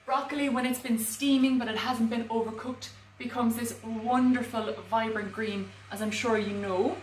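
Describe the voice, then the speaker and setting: Woman, home cooking presenter, a bit high-pitched, joking at herself; room sound, distant mic, faint noise behind. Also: steady tone, normal speed. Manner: chatty, self-mocking humour. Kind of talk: live cook-along demonstration. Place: home kitchen. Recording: echoey kitchen, mic far off.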